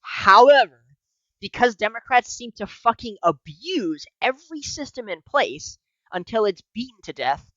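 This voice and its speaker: Bright-voiced man, profane podcast talk. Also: extremely high pitch, unhurried, no echo, highs cut off. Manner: profane, animated, laughs often. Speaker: podcast co-host. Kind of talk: casual political podcast chat.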